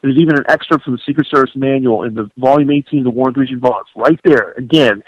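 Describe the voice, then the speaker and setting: A man, an author guesting on a radio interview, talking in an emphatic, indignant, animated way. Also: mid-range voice, fast, hardly any pauses, dry recording. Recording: dull lo-fi radio broadcast.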